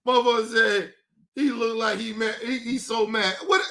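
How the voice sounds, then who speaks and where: High-voiced man cackling through mocking commentary. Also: flat delivery, normal speed, pushed and bright. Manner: laughing constantly, profane, mocking; slangy casual speech, addresses viewers as people. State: crying with laughter. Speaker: streamer reacting to news clips. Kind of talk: livestream reaction commentary.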